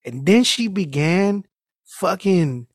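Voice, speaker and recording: A casual podcast host with a voice pitched a little high, recorded close and dry. He rambles through his stories, swears freely and restarts his sentences. He works "dude" into nearly every thought. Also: slow pace, dry recording. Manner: loose and profane, peppers talk with "dude"; animated storytelling with many restarts. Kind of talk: casual chat, rambling anecdote.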